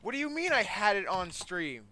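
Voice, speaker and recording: A man co-hosting a casual podcast chat, bantering excitably and swearing. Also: sits high, normal speed, a little hiss or hum. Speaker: podcast co-host.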